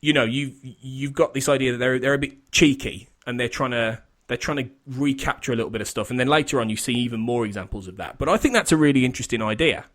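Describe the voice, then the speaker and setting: A man's voice: mid-range voice, fast, few pauses, fairly bright tone. A man hosting a casual podcast chat, rambling and restarting his sentences, laughing often. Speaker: podcast host.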